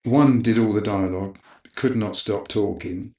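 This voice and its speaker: A middle-aged man recounts a chaotic tale from a film shoot, slipping into other people's voices as he goes. His voice sits on the low side, and the recording carries a roomy echo. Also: a little slow. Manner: animated anecdote teller, acting out others' lines. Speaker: camera operator guest. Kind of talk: casual storytelling interview.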